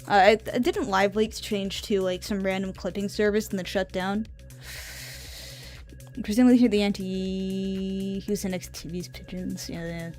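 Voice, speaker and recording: A woman streaming live, talking casually at an ordinary mid pitch. She rambles in an offhand way and drifts off into asides. Faint music plays quietly behind her voice.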